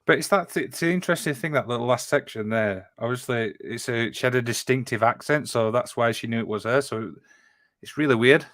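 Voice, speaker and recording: A man's voice: mid-range voice, a little fast, fairly bright tone, no room sound. A man co-hosting a casual podcast who reads listener stories aloud and exclaims often. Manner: exclaims often, trails off, restarts. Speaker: podcast co-host.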